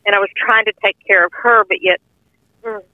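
A woman's voice: medium pitch, big pitch swings, a little fast, vocal fry, dry recording. An older woman earnestly telling a heartfelt personal testimony in plain, informal speech. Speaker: guest sharing a testimony. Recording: tinny phone-line audio, dry.

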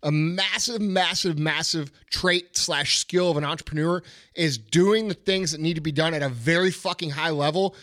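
A middle-aged man speaks in a somewhat high voice, blunt and heavy on profanity as he rants. The sound is close and dry, recorded on a studio mic with no room behind it. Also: normal speed, a bit bright, dry recording. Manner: blunt, profane, fired-up ranting. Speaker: podcast host. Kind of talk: casual podcast chat.

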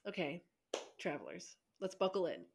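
A playful woman co-hosting a casual podcast. She giggles often and swears freely, with a voice pitched a bit low. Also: very animated, normal speed, creaky, noisy background. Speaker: podcast co-host.

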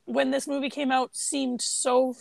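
A woman co-hosting a relaxed podcast, rambling and laughing as she goes. Her voice sits high with a strong gravelly fry running through it. The recording is dry and close. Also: measured pace, no room sound. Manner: chatty, laughs often, rambling restarts. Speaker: podcast co-host. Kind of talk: casual chat.

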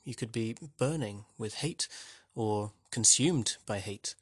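A man with a slightly husky voice talks through a poem like a teacher, wry and conversational, often turning questions back to the listener. His voice is recorded close and dry, with no room around it. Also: fairly low pitch, takes it slowly, dry recording. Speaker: literature teacher. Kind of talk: explanatory lesson narration.

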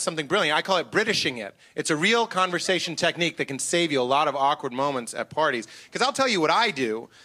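A man doing a stand-up comedy set on stage, animated and self-mocking. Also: on the high side. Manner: animated, self-mocking, slips into goofy voices. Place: comedy stage before a live audience.

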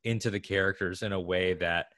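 A man co-hosting a podcast in casual chat, speaking with enthusiasm in quick bursts. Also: sits low, fairly even intonation, fairly bright tone, no room sound, clean studio sound. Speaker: podcast co-host.

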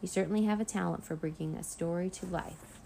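A prim female schoolteacher, polite on the surface but impatient underneath, as a woman puts her on in a storybook read-aloud. The voice is low-pitched with a gravelly fry, and faint noise sits behind it. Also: fairly even intonation, fairly quick, warm tone.

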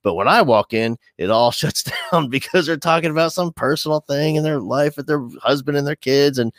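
A man's voice: a little high, fairly quick, no echo, studio quality. A middle-aged man, an educator as podcast guest, talking casually and animatedly, with many restarts. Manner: animated, restless, full of restarts.

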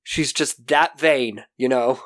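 A man co-hosting a podcast, recapping a TV episode in animated casual chat, swearing casually and acting out quotes. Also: medium pitch, slow. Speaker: podcast co-host.

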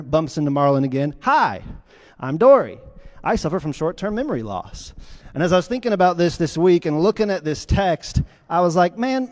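A man preaching a sermon as pastor, telling stories with lively swings between loud, quick lines and hushed, quiet ones. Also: a little high. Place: church sanctuary. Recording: long hall reverb.

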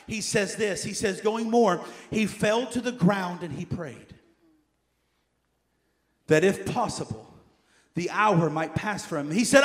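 A man preaching a sermon as pastor, emphatic, repeating key phrases and swinging between loud urging and quiet asides. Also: high voice, a little slow.

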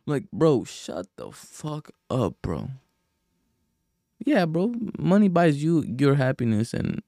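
A man's voice: medium pitch, gravelly, mellow, no echo, studio quality. A young man hosting a podcast, rambling in a casual rant full of profanity, sighs and fillers. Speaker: podcast host.

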